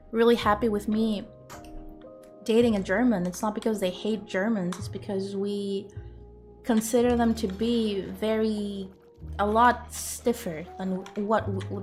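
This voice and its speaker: A woman's voice: mid-range voice, a little mellow. A young woman from Greece, a streamer chatting casually with her viewers in a rambling, teasing way. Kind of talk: casual chat.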